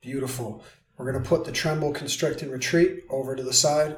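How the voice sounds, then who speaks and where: A man guiding another person through a visualization exercise in a calm, instructive, soothing way. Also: mid-range voice. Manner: calm, instructive, slow and soothing in the guided parts. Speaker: guide leading an emotional release exercise. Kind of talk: guided visualization and coaching. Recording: roomy, distant from the mic.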